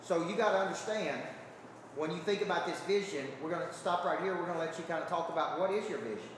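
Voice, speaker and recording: Against a noisy background, a man whose voice sits on the high side speaks quickly in an emphatic seminar talk, checking in with the crowd again and again. He's in a large hall with a live audience, heard distantly through echo.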